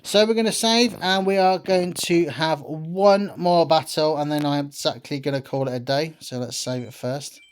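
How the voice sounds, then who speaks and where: A man's voice: a little high, moderate pace, few pauses, clear, resonant tone. A man casually narrating his gameplay to viewers in a chatty, rambling way. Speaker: gameplay commentator. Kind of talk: casual let's-play commentary.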